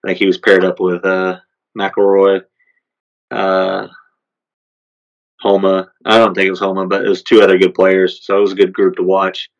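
A man co-hosting a podcast, talking sports in a relaxed, rambling way with lots of fillers. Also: sits low, normal speed, creaky, long pauses, dull audio. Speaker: podcast co-host. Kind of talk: casual sports chat.

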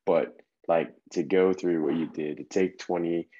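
A man hosts a casual interview, relaxed and full of slangy encouragement. His voice is low and mellow. The recording sounds slightly dull and lo-fi. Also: measured pace. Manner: laid-back, encouraging, slangy. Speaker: podcast host.

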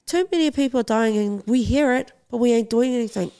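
A woman's voice: fairly high pitch, fairly quick, warm tone, clean tone. A woman guest in a podcast interview, speaking earnestly and urgently and repeating phrases for emphasis. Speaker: interview guest, boxing champion.

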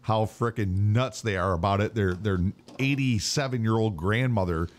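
A man's voice: fairly low pitch, normal speed. A man co-hosting a casual chat show, talking in a laid-back, rambling, profane way. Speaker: podcast co-host.

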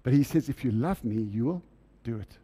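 Male preacher, sermon delivery, warm dark timbre, rhetorical questions to the room. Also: medium pitch, lively intonation, brisk, breathy edge.

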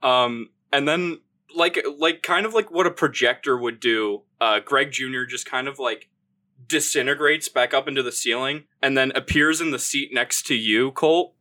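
Bright-voiced British game master. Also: male voice, mid-range voice, moderate pace. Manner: loose, hesitant narration with fillers. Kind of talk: narrating a tabletop game.

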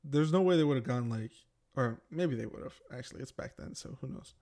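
A young man in a loose, rambling podcast chat. He jokes around, circles back on himself and fills his sentences with "like" and "you know". His voice sits at an ordinary middle pitch for a man. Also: moderate pace, mellow. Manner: joking, rambling, many fillers. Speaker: podcast co-host.

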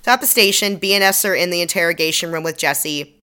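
A woman with a low voice and a bright, forceful edge recaps a crime show episode on a podcast. She talks in loose, chatty sentences and swears openly. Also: quick pace, smooth. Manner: emotional, swears freely, retells scenes with quoted lines. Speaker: podcast co-host. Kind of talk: casual recap chat.

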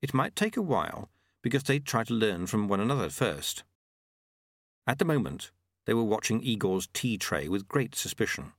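A man narrating a fantasy novel audiobook in an expressive storytelling voice. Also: on the low side, moderate pace, no echo, studio quality. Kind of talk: scripted narration.

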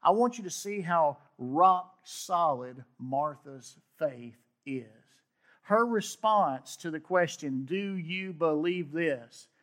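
A man's voice: a little high, animated, slow, a bit bright. A man preaching a sermon, reading scripture aloud with emphatic asides. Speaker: pastor.

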